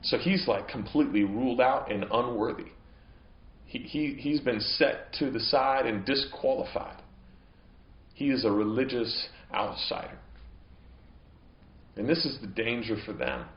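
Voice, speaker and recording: A man's voice: medium pitch, unhurried, long pauses, reverberant, highs cut off. A man preaching a sermon as pastor, earnest and growing impassioned at times. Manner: earnest preaching, voice rising into emphatic, impassioned stretches. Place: church.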